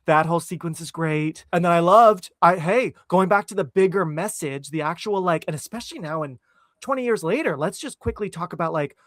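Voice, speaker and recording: A man's voice: fairly high pitch, animated, a little fast, fairly bright tone, no echo, studio quality. A man hosting a podcast in casual chat, chatty and often acting out film lines. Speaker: podcast host.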